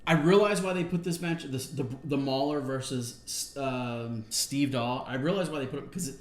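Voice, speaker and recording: A man's voice: medium pitch, normal speed, roomy sound. A man co-hosting a casual wrestling review show, recapping matches in a rambling way with lots of fillers. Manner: rambling, filler-heavy recap with acted-out quotes. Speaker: podcast co-host.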